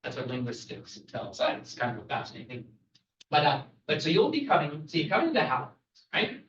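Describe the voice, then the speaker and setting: A very animated Canadian man delivers a brisk, lively travel lecture, joking, chatting and asking the audience questions. His voice is a little high and a bit bright, and the room recording sounds echoey, muffled and far away.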